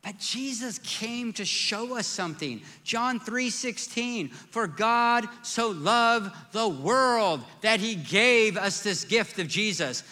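Male pastor, sermon, high voice, conversational and emphatic, long hall reverb. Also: lively intonation, takes it slowly, few pauses, bright, forceful tone. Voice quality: self-described squeaky voice. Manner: conversational, emphatic preaching with rhetorical questions.

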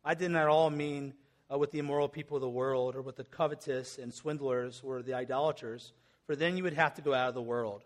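A man's voice: medium pitch, steady tone, a little fast. A middle-aged man preaching a sermon as pastor, conversational and earnest, with casual asides and restarts.

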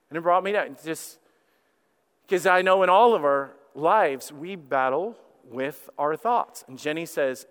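A man's voice: high-pitched, a bit bright, clean tone. A man preaching a sermon as pastor, talking candidly and conversationally, often restarting his sentences. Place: church sanctuary. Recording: church hall reverb.

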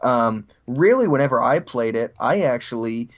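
A man's voice: mid-range voice, lively intonation, moderate pace, muffled recording. A man co-hosting a casual retro gaming podcast, easygoing and jokey, laughing often. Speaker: podcast co-host.

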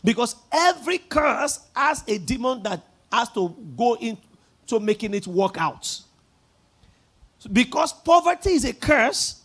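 High-voiced Nigerian pastor preaching emphatically. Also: male voice. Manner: emphatic preaching with call-and-response, rising to shouts. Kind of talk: sermon.

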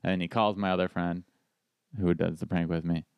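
Comedian telling a story on a podcast: a low-voiced man, animated, acts out the voices in it. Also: moderate pace, vocal fry, clean tone, no echo, muffled recording. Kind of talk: casual storytelling chat.

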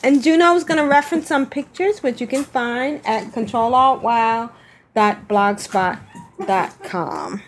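A woman's voice: fairly high pitch, a little slow, noisy background. A woman co-hosting a podcast in playful, casual chat, laughing often. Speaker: podcast co-host.

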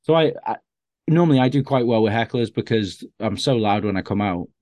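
A man's voice: fairly low pitch, expressive, fairly quick, a little mellow, dry recording. A man, a stand-up comedian, chatting as a guest and telling self-deprecating stories with lots of restarts. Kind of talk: casual conversational anecdotes.

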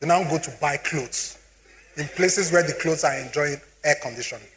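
A man's voice: fairly high pitch, normal speed, background noise. A middle-aged man with a Nigerian accent giving a motivational finance talk, often asking the audience if they follow him. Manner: animated, asks the audience questions often. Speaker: speaker on personal finance.

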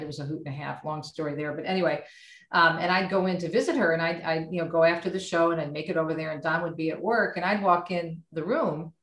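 A middle-aged American woman talks in an outspoken, animated way, with a fairly low voice. The sound carries a roomy echo. She comes across as a seasoned radio host. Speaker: radio host and author, guest. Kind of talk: casual faith chat.

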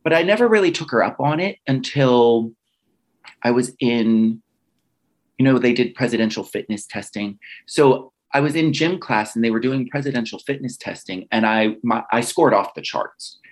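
A man's voice: medium pitch, lively intonation, normal speed. A man casually telling a personal story, acting out quoted dialogue with lots of restarts and fillers.

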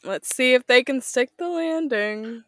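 A woman co-hosting a podcast, chatting in a relaxed way with frequent laughs. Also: high-pitched, a little slow, no echo, clean studio sound. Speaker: podcast co-host. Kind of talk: casual chat review.

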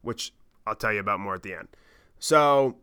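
A man in his thirties telling a travel story on his podcast, animated and rambling, with lots of swearing and fillers. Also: lowish voice, moderate pace, clean tone. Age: 30s. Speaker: podcast host. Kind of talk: casual storytelling monologue.

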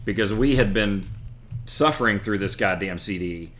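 Bright-voiced man with dry humor. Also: fairly low pitch, moderate pace. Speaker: podcast co-host. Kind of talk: casual chat.

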